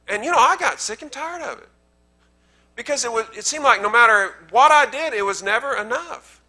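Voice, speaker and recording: A man's voice: high-pitched, brisk, sharp tone. A man with a Southern American accent preaching a sermon in a church, talking plainly to the congregation and building to emphatic, repeated lines. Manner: conversational preaching that swells into emphatic repetition. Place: church sanctuary.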